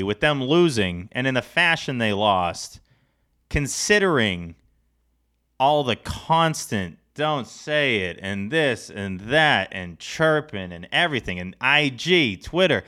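A man co-hosting a sports podcast, talking in a casual, animated, rambling way. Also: mid-range voice, unhurried, clean tone. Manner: animated, rambling, self-deprecating. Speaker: podcast co-host.

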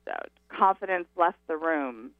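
Slow, emphatic woman on a phone line. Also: low voice, expressive, no echo. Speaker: guest spirituality teacher. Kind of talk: radio interview.

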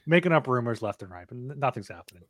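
Halting man, dry close sound. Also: medium pitch, very animated, a bit bright, no echo. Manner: halting, repeats words. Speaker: podcast co-host. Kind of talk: casual sports betting chat.

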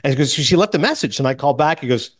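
Man, podcast host, casual chat, rapid-fire delivery, lively swooping voice, fairly high pitch. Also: dry recording, clean studio sound. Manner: animated storytelling, retelling conversations.

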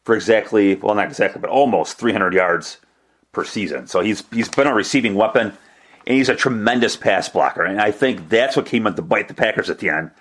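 A man's voice: fairly low pitch, fairly bright tone. Chatty man hosting a sports podcast. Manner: chatty, rambling, with restarts and self-deprecating asides. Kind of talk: casual solo podcast commentary.

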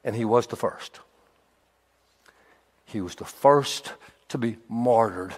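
A man preaching a sermon in an animated way, swinging from hushed tones to emphatic repetition. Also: fairly low pitch, takes it slowly, long pauses, breathy edge. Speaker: pastor. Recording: long hall reverb.

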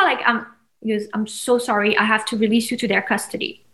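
A woman's voice: medium pitch, a little fast, poor audio. A woman in her thirties from France, a guest telling a personal story with feeling and acting out what others said. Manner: animated, acts out quoted voices with sudden loud peaks. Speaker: interview guest.

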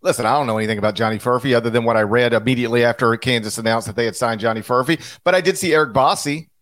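A man in the middle of the usual pitch range talks through a basketball podcast in an easy, chatty way. He restarts his thoughts and piles on quick asides as he builds his case. The sound is dry and close, with no room around it. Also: fairly bright tone, no echo. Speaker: podcast co-host, basketball analyst. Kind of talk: casual podcast chat.

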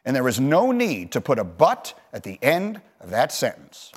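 A man's voice: mid-range voice, huge pitch swings, moderate pace. A man hosting a sports talk show, leading the debate and countering points emphatically. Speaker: host.

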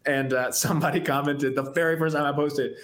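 A young man talks loosely on a podcast, wandering through his thoughts and laughing easily. His voice sits a little high for a man, and the room around him is echoey. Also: steady tone, brisk, a bit bright. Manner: rambling, self-reflective, laughs easily. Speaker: guest musician. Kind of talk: casual podcast chat.

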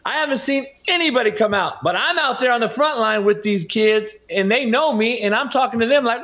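A man's voice: very high-pitched, animated, a little fast, bright, forceful tone, highs cut off. A man, a podcast host and former coach, talking as a guest in a heated, emphatic and preachy way. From California. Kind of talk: heated interview talk.

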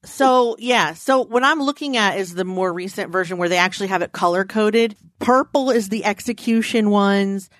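A woman co-hosting a casual chat, playful and animated, her pitch jumping up when she gets excited. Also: moderate pace, few pauses, no room sound, clean studio sound.

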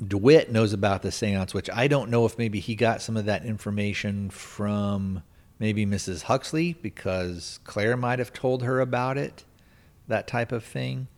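Podcast host, male, lowish voice, loose rambling plot recap full of restarts. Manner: rambling, lots of restarts and "you know". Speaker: podcast host reviewing a film. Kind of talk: casual plot retelling.

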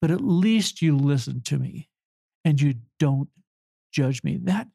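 Older male counselor, emotional and earnest, mellow dry voice. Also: on the high side, animated, creaky, no room sound. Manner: earnest, halting, apologetic. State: choked up with emotion. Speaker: family counselor. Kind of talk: emotional interview answer.

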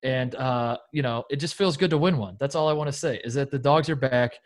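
A man from Indiana co-hosting a podcast in casual chat, telling animated stories and swearing freely. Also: mid-range voice, a little fast. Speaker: podcast co-host.

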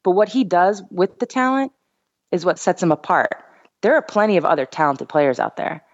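Low-voiced woman, emphatic and casual. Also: very animated, normal speed, no room sound, dull audio. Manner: emphatic, many "I mean" and "you know" fillers. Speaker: guest, basketball player and commentator. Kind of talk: casual podcast chat.

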